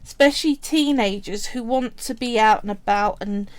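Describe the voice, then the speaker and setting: A woman's voice: on the high side, normal speed. Chatty woman teaching a craft. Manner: chatty, step-by-step instructing. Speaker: craft livestream host. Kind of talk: live craft tutorial with chat.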